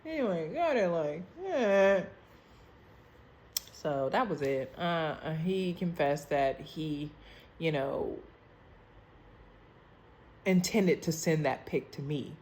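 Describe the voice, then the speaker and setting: Candid, profane young woman with a lowish voice. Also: darkish tone, slight background noise. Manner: candid, profane, chatty, calls the listener "girl" and "baby". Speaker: storytime vlogger. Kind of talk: casual storytelling on a video call. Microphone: phone video call.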